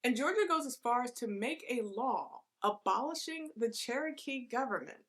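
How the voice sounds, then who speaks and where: A woman delivering a satirical history explainer with sarcastic, deadpan asides. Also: on the high side, moderate pace.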